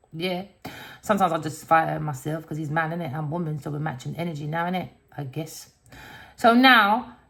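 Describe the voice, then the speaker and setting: A woman's voice: lowish voice, creaky. A woman giving a casual spiritual rant as a tarot reader, heated and emphatic, swearing freely and tagging her lines with slang. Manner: slangy, tags lines with innit and boy.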